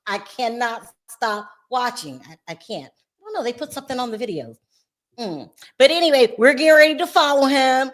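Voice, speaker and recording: High-voiced woman hosting a gossip chat. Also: moderate pace. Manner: animated, laughs often, talks straight to viewers. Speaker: show host.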